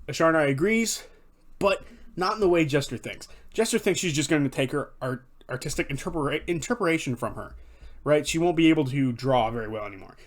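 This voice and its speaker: A man giving casual, enthusiastic video commentary, recapping favorite moments, swearing freely and correcting himself as he goes. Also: fairly high pitch. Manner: enthusiastic, profane, rambling with self-corrections. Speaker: fan commentator.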